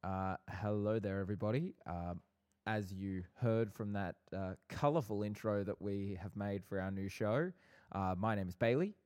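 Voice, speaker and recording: A man's voice: lowish voice, normal speed, darkish tone, clear, resonant tone. A young man co-hosting a casual podcast with his brother, bantering playfully with light sarcasm. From Australia. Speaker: podcast co-host.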